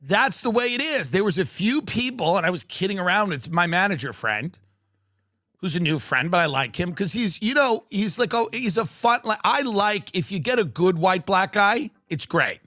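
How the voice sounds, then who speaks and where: The speaker is a middle-aged New Yorker whose high voice moves at a moderate pace, captured in clean studio sound without echo. He's telling meandering, comic stories on a live stream, ranting with animation and acting out quoted impressions.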